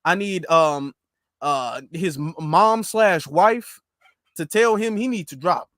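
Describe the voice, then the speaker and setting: A man's voice: fairly high pitch, slow, fairly bright tone, no room sound. A man voicing an older female politician who bluntly insists in a casual tone. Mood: insistent. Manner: blunt, pushy, repetitive.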